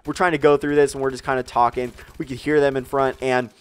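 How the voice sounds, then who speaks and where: A young man telling a story in a casual, animated way, full of "like" and "you know". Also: mid-range voice, fast talker, clear, resonant tone. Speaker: vlogger.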